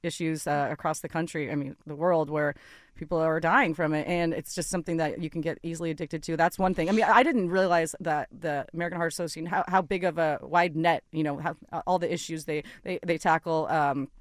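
A woman's voice: low voice, fairly quick, no echo. A woman guest in a studio chatting, telling a funny story with lots of laughter and quoted dialogue. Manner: animated, laughs often, quotes herself. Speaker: in-studio guest, sideline reporter. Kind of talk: casual chat, storytelling. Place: radio studio.

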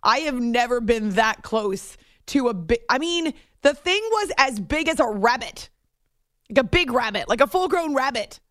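A middle-aged woman hosting a late-night sports radio show, chatty and animated, in a studio. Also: on the high side, moderate pace, no echo. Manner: chatty, animated storytelling with laughs and restarts. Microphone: studio microphone.

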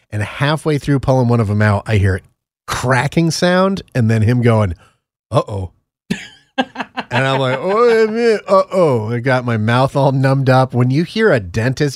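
A man's voice: mid-range voice, expressive, normal speed, dry recording. Man, podcast co-host, casual chat, joking stories, dry mic. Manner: rambling, joking anecdotes.

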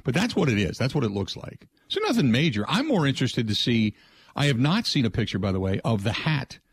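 A man's voice: medium pitch, sing-song, fairly quick, slightly rough, dry recording. Man, sports radio host, rambling, dry close mic. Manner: rambling, frequent restarts and filler asides. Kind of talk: casual sports talk radio.

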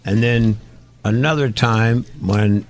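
A man's voice: fairly low pitch, slow pace, a little hiss or hum. A man hosting a casual radio talk show, rambling through stories in an easygoing way. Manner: rambling, storytelling. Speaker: radio host.

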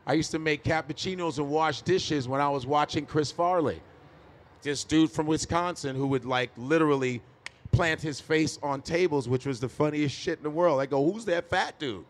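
A man's voice: fairly high pitch, normal speed. A man from Chicago, a stand-up comedian telling stories as a guest on a live podcast, swearing freely and laughing often. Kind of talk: casual interview chat.

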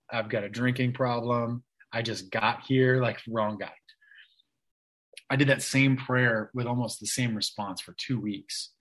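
Guy in his 30s rambling through a story, lots of likes and restarts, mid pitch. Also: fairly bright tone, poor audio. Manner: chatty, many restarts and "like" fillers. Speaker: interview guest. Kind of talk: casual storytelling.

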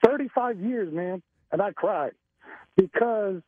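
Heard through a tinny phone line with no echo, this caller in his 40s has a high-pitched voice at normal speed. He's phoning a radio show in excitement, rambling and stammering as emotion takes over.

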